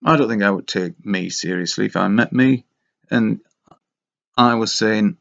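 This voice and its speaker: A man drifts through a casual, meandering monologue, wry and self-mocking. His voice sits low with a gravelly fry, and he takes his time over every thought. The recording is dull and lo-fi. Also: measured pace. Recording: dull lo-fi sound.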